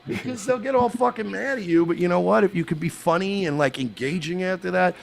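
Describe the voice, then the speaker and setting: A man's voice: high-pitched, brisk, vocal fry. A man from the United States telling crude, boastful stories in casual chat, with frequent restarts.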